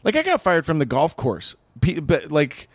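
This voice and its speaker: A man's voice: on the high side, huge pitch swings, moderate pace, no room sound. A young man from Kansas, a comedian, telling rambling stories in casual podcast chat and acting out the people he quotes. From Kansas, USA. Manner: rambling storytelling, acts out quotes. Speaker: comedian guest.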